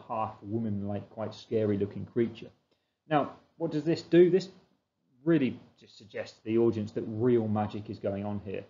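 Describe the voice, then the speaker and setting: A man with a mellow, dark voice talks students through a revision lesson at a steady middle pitch. He poses questions and then answers them himself in an explanatory way. The recording sounds dull and lo-fi. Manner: explanatory, asks and answers his own questions. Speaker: teacher.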